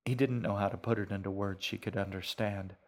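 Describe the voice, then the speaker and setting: Male author-narrator, low register, quiet measured audiobook delivery. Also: steady tone. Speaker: author reading his own serialized novel.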